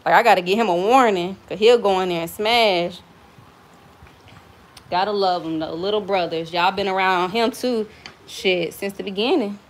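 A young adult woman with a Southern US accent chats casually and frankly while cooking in her home kitchen, telling stories and swearing freely. She's a cooking vlogger, and her voice is medium in pitch with a moderate pace.

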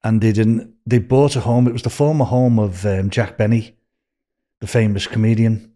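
This older Scouse speaker from Liverpool, England, has a lowish, steady, warm voice at a normal speed. As an interview guest in a relaxed storytelling chat, he wanders through anecdotes, performs other people's lines, and keeps dropping in "you know."

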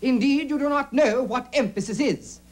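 An actor playing a pompous aristocratic lord and boastful war hero, narrating and declaiming in a 1970s educational TV sketch. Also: male voice, high-pitched, sing-song, moderate pace, darkish tone, rough recording.

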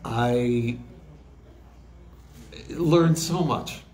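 A man's voice: medium pitch, a little mellow. A man in his sixties, a recording engineer, telling stories in an interview with many fillers and restarts. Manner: halting, frequent fillers and restarts. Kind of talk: interview storytelling. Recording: roomy echo with faint background ambience.

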